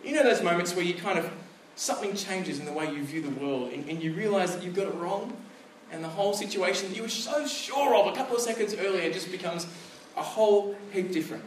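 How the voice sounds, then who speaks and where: A man in his thirties, a pastor, delivering a sermon in a conversational, storytelling way with animated asides. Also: high voice, brisk, a little hiss or hum. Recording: echoey room, picked up from a distance.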